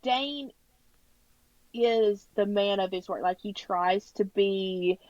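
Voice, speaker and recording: A woman's voice: medium pitch, slow pace, darkish tone, no echo, lo-fi sound. A woman in her thirties co-hosting a podcast, chatty and self-deprecating as she discusses a book. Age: 30s. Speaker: podcast co-host. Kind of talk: casual book recap chat.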